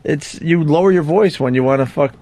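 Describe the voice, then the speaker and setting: A man co-hosting a radio talk show, incredulous and quick to laugh. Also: a little high, warm tone.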